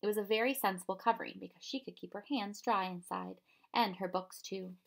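A woman narrating a children's chapter book in a measured, expressive reading. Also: medium pitch, creaky. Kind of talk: storybook narration.

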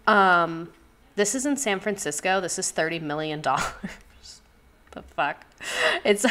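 A woman's voice: fairly low pitch, a bit bright. A young woman chatting casually on a livestream, candid and profane, laughing often. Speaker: streamer.

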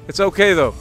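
Over gentle game music, a male gaming host narrates in a fairly high, bright voice, keeping things casual and playful. He jokes with his viewers and occasionally chides the game.

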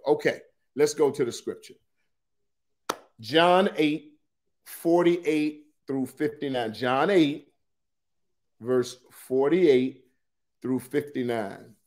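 A man's voice: mid-range voice, slow, long pauses. A man leading a morning Bible study, reading scripture dramatically with colloquial asides. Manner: dramatic scripture reading, shifts loudness and pace widely.

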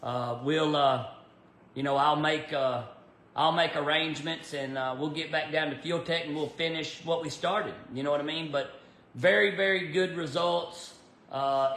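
A man's voice: medium pitch, fairly bright tone. A man chatting casually on a livestream from his garage workshop, rambling with lots of fillers and greeting viewers by name. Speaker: race car builder livestreaming from his shop. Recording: roomy echoey shop.

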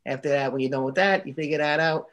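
A man's voice: fairly high pitch, dull audio, close to an everyday voice. A man doing a brash New York promo guy. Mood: hamming. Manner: fast-talking, loud.

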